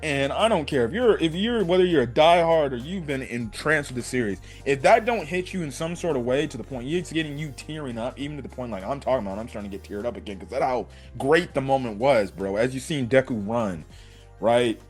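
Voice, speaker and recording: A young man giving a casual, excited episode review, talking in a loose run of fillers and slang. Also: mid-range voice, a little fast, breathy edge, faint music behind. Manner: excited fan talk, many fillers and "bro". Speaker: anime reviewer.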